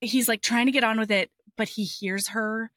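Chatty, animated woman podcast host. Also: a little high, moderate pace, no room sound, clean studio sound. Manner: chatty, animated, swears casually. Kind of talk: casual book recap.

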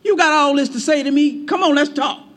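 A preacher puts on the voice of God, rebuking a boastful man. It is commanding and stern, with a high, bright ring. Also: a little fast. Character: God, a mighty male voice challenging a man.

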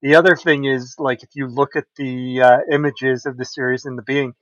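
A man co-hosting a casual podcast, talking in a relaxed, hesitant way with many fillers. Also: medium pitch, normal speed, dry recording, dull audio. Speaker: podcast co-host.

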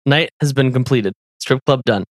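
A man's voice: mid-range voice, moderate pace, dry recording, studio quality. A man co-hosting a podcast, telling a story in casual chat, laughing often and acting out the people he quotes. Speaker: podcast co-host.

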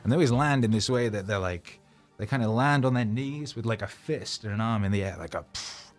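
A man's voice: lowish voice, fairly quick, soft background music. A man, a rapper, telling rambling, self-mocking stories in a casual monologue, loose with fillers and swearing.

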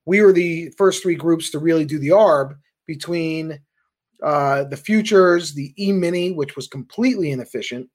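Animated man telling trading stories. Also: a little high, slightly rough. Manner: animated anecdotes, quick asides. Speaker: guest, trading firm founder. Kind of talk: casual storytelling.

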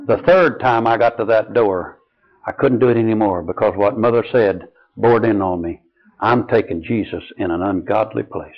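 An older man preaching a sermon and telling personal stories, slow and earnest, dropping soft and low on key lines. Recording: dull lo-fi recording.

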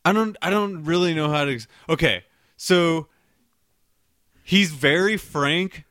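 A man's voice: a little high, unhurried, fairly bright tone, no room sound, clean studio sound. A man co-hosting a podcast, telling rambling stories in casual chat, swearing and laughing often. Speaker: podcast co-host.

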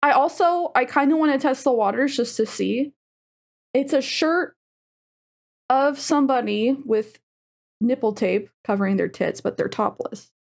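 A young adult woman co-hosting a podcast in casual chat, animated and giggly with sudden squeals. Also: high-pitched, unhurried, gravelly. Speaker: podcast co-host and streamer.

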